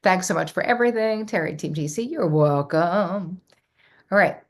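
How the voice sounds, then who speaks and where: A woman's voice: lowish voice, expressive, moderate pace. A middle-aged woman hosting a live workshop, reading out viewer comments and answering them with effusive enthusiasm. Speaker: host.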